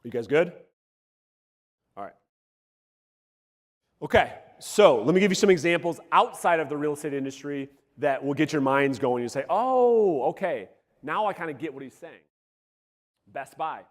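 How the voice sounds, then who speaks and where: Male sales coach, high voice going hoarse, punchy and profane, working a seminar crowd in a reverberant hall. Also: moderate pace, pauses often. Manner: energetic, profane, calls out to the audience. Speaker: real estate sales coach. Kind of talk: live seminar talk to a room. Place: seminar room before a live audience.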